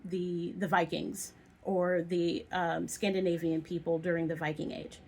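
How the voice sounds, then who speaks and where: A woman's voice: fairly low pitch, a little mellow. A young woman talking casually to camera in a thoughtful, rambling way, with many ums and restarts. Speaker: video essayist.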